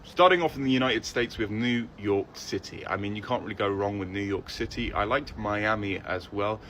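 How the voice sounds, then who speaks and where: A man with a slightly low voice talks through a travel vlog. His delivery is relaxed and conversational, with a faint hum behind him. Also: moderate pace. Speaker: travel vlogger.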